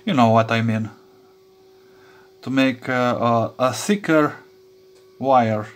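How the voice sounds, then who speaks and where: Speaking slowly in a mid-range voice, this man is an electronics hobbyist giving casual commentary at his workbench. He halts often, restarts, leans on fillers, and laughs quietly to himself.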